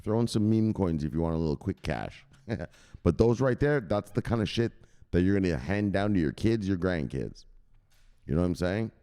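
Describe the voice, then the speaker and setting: A man's voice: low voice, lively intonation, moderate pace, clear, resonant tone. Hyped, swearing man hosting a crypto show. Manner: profane, hyped, shouts catchphrase "bang"; talks straight to viewers, gives shout-outs. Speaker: crypto news show host. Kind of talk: casual livestream commentary. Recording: echoey room with long reverb.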